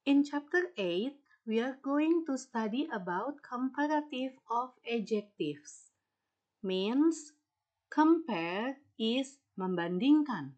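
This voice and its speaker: A woman with an Indonesian accent, a native Indonesian speaker, teaching an English lesson slowly and repeating each point in Indonesian. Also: on the high side, lively intonation, darkish tone, muffled recording. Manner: slow, explains in English then repeats in Indonesian. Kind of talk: recorded classroom lesson.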